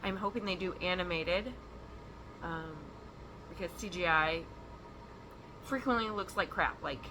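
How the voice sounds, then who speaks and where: A woman's voice: lowish voice, unhurried, long pauses, background noise. A woman hosting a stitching vlog from home, chatting casually and rambling with frequent ums and laughs. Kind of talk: casual chat.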